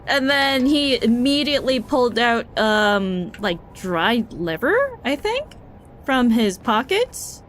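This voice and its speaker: A woman's voice: a little high, big pitch swings, unhurried, fairly bright tone, slight background noise. A young woman streamer telling a story in a chatty, wry way, full of fillers and self-corrections.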